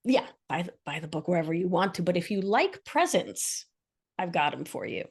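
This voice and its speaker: A woman guest in an interview, talking expressively about her practice and telling animated stories. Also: fairly low pitch, normal speed, gravelly, breathy edge. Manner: expressive, animated storytelling with acted quotes. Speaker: guest, somatic practitioner and author. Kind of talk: casual interview chat.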